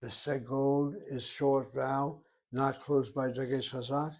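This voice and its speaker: A man teaching a language lesson, patiently explaining and repeating words slowly so learners catch the pronunciation. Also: mid-range voice, level tone, darkish tone. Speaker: Hebrew teacher.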